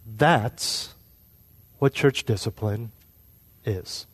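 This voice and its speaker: A man's voice: on the low side, drawn-out words, a bit bright, breathy edge. A man preaching a sermon, explaining with everyday examples and putting questions to his listeners. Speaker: pastor.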